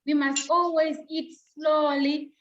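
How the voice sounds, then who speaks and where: A woman teacher giving an online class over a video call, slowly repeating each point for young pupils. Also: high voice, little pitch movement, a bit bright, lo-fi sound, a little hiss or hum.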